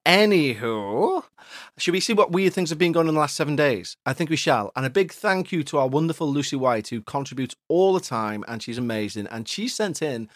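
A man's voice: mid-range voice, animated, brisk, hardly any pauses, no room sound, clean studio sound. A man hosting a ghost-story podcast, chatting casually with puns and jokes, then reading a news story aloud. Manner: jokey, punning, chatty. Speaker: podcast host.

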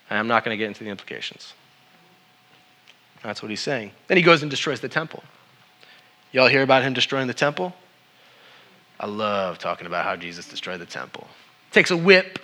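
Animated bright-voiced male preacher. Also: medium pitch. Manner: animated, talks to the congregation directly. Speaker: pastor. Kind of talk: sermon.

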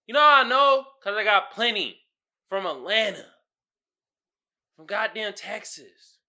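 Male podcast host, loose rant, high voice with a lot of swing, incredulous and loud at times. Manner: animated, incredulous, bursts into shouting and laughter. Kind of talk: casual commentary rant.

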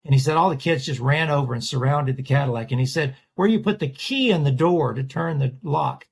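A man's voice: on the high side, a little fast, slightly rough. A man, a portrait artist, telling a story in an interview and acting out the voices of the people in it. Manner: animated storyteller, acts out quoted voices.

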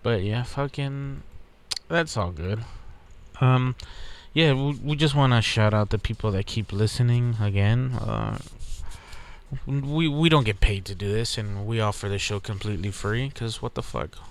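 Slow-talking, profane man hosting a podcast. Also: mid-range voice. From Texas. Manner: profane, rambling, laid-back. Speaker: podcast host. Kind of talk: casual solo podcast monologue.

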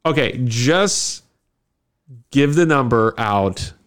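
A man's voice: mid-range voice, takes it slowly, clean tone. A man co-hosting a podcast, chatting casually and teasing the host. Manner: teasing, lively, prods the host. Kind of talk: casual chat.

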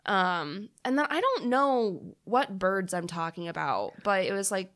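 A woman's voice: medium pitch, lively intonation, unhurried, fairly bright tone. A woman co-hosting a podcast, chatting casually about a movie, laughing often and swearing casually. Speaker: podcast co-host. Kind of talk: casual movie review chat.

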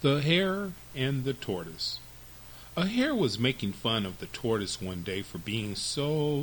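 A man hosting a storytelling podcast, reading fables to children with very expressive, lively narration. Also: fairly low pitch, measured pace, slight background noise, low-quality recording.

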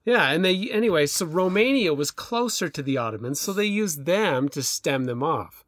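Middle-aged male co-host, slightly high voice, dry close sound, loose and rambling delivery. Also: animated, normal speed, fairly bright tone, no echo. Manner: rambling, hesitant, many restarts and fillers. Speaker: podcast co-host. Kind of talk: casual chat.

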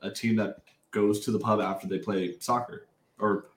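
A man's voice: on the low side, steady tone, normal speed. A man in casual chat, talking loosely and hedging his points with frequent laughs. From United States. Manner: chatty, hedging, laughs often. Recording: roomy with faint noise.

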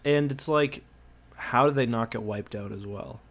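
A man's voice: medium pitch, normal speed, a bit bright. A man with a slightly sick voice, co-hosting a casual chat, rambling with many ums and restarts. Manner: rambling, hesitant with frequent ums and likes. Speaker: podcast co-host.

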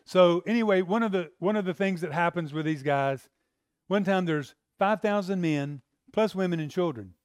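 A man preaching a sermon in a conversational way, acting out quotes and building to loud emphasis. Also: high voice, normal speed, clear, resonant tone, no echo, clean studio sound. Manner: conversational, acts out voices, rising to loud emphasis.

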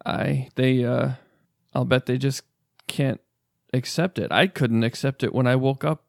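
A man playing a shaken, grieving father, halting and stammering. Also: medium pitch, steady tone, creaky, no echo, studio quality.

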